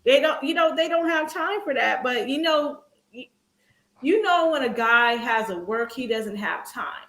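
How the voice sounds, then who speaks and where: A blunt woman rants in casual chat from an echoey room. Her voice sits a little high. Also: lively intonation, measured pace, a bit bright.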